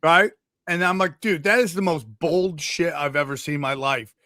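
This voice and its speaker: Male podcast host, a bit high-pitched, jokey and fast-riffing. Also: sharp tone, dry recording, clean studio sound. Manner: joking, riffing, bursts into goofy put-on voices. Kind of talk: casual comedy podcast chat.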